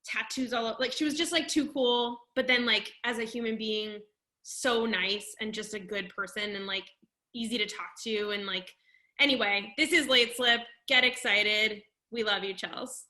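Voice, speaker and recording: A woman's voice: on the high side, steady tone, normal speed, bright, forceful tone. A young adult woman hosting a livestreamed show, introducing acts in a gushing, chatty way full of filler words. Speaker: festival host.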